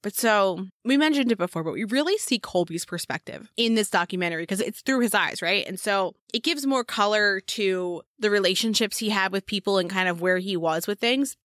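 A woman's voice: medium pitch, fairly quick, few pauses, a bit bright, no room sound, studio quality. A woman co-hosting a casual true-crime podcast, blunt and emphatic, swearing freely. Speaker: podcast co-host.

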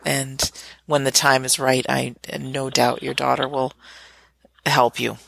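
A woman's voice: rumbling low, flat delivery, slow, vocal fry, fairly bright tone. A woman hosting a radio show, interviewing a guest with eager, encouraging questions.

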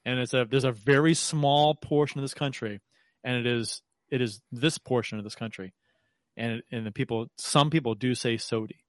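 A man's voice: mid-range voice, moderate pace, no room sound. Dry-voiced joking podcast host man. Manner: joking, teasing, with restarts. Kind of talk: casual chat.

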